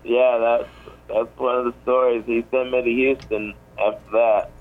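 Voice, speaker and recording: A man's voice: mid-range voice, level tone, normal speed, narrow, tinny audio. A man in his forties, a comedian, telling a rambling story on a radio show, full of fillers and restarts. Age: 40s. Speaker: comedian guest.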